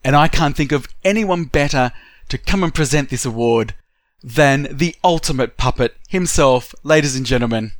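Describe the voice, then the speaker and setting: A man's voice: medium pitch, moderate pace. A man co-hosting a pinball podcast's mock awards show in an announcer style. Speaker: podcast co-host.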